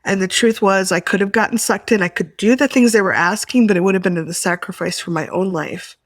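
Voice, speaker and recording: Woman, workshop participant, soft, reflective, halting, mid-pitched, dry close sound. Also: no room sound. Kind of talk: sharing and guiding tapping.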